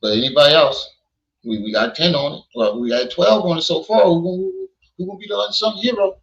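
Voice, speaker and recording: Blunt scolding streamer, echoey room. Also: male voice, on the high side, fast, vocal fry, fairly bright tone. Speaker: livestream host. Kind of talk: livestream commentary. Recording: echoey, dull lo-fi sound.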